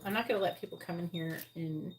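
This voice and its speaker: A woman's voice: on the low side, fast. A woman doing a live tarot reading, talking bluntly and swearing, sounding angry while she talks through the cards. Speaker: tarot reader. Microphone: earbuds. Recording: loud background noise.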